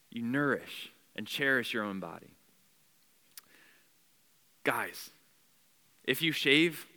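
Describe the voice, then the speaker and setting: A man's voice: a little high, pushed and bright, in a large hall. A man preaching a sermon to a congregation, driving points home with repeated phrases and direct commands, with chatty asides and self-corrections. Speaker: pastor. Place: church before a congregation.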